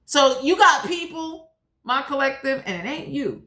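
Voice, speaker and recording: A woman's voice: sits high, expressive, unhurried, a bit bright. A woman doing a blunt, profane, heated tarot reading in a casual monologue. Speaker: tarot reader. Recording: echoey room.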